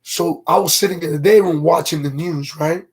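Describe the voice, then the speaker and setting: A man's voice: a little high, fairly even intonation, normal speed, slightly rough. A man telling a long story on a casual livestream, in a slangy, rambling way, stopping now and then to greet viewers in the chat. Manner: slangy, rambling, keeps asking "you feel me"; greets viewers from live comments mid-story.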